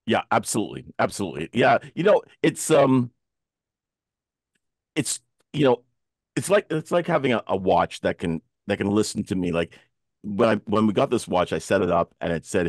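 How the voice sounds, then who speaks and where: Male talk-show host, low voice, dry close sound, animated storyteller on a video call. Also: normal speed, dry recording. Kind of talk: casual panel discussion.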